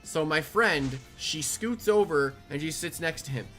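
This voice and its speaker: A young adult telling a rambling, animated story in casual storytime fashion. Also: medium pitch, unhurried, faint music behind. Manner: rambling, animated, restarts often. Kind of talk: casual storytime over gameplay.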